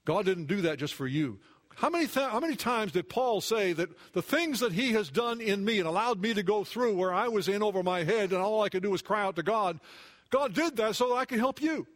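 A man preaching a sermon to a congregation, earnest, dropping to a hush and then rising. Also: high-pitched, expressive, fairly quick. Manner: earnest, swings between hushed and raised. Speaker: pastor.

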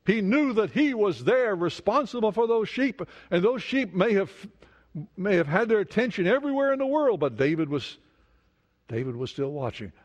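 A man's voice: sits high, lively intonation, normal speed, dull audio. A man preaching a sermon, asking the congregation questions and repeating words for emphasis. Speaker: pastor. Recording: long hall reverb.

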